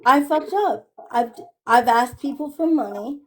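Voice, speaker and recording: High-voiced defensive woman on a call. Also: unhurried, a bit bright. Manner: defensive, insistent, repeats herself. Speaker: streamer being called out. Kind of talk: heated group voice call.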